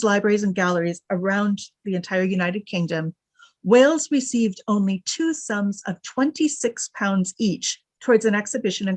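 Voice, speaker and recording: A woman delivering an academic lecture at a middle pitch, moving between read-out quotations and dry, wry asides. The sound is close and dry, with no room echo. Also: breathy edge. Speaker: guest lecturer. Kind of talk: scholarly lecture reading from notes.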